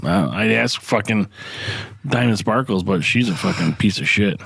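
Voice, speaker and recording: A man's voice: fairly low pitch, moderate pace, creaky, fairly bright tone, breathy edge, no room sound. A man co-hosting a podcast in casual chat, with crude, profane, rambling banter. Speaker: podcast co-host. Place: podcast studio.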